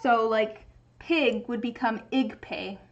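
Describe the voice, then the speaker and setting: High-voiced woman musing on stream. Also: slow pace, dull audio, a little hiss or hum. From United States. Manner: rambling, musing aloud, reading chat. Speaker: livestreamer. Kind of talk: casual crafting livestream chat.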